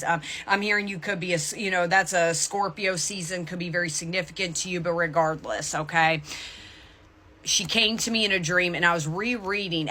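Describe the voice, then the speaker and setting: A woman's voice: on the low side, bright, forceful tone. A young adult woman tarot reader talking to the camera in a chatty spiritual vlog, often checking in with "okay?". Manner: chatty, repeats "okay?" to the viewer.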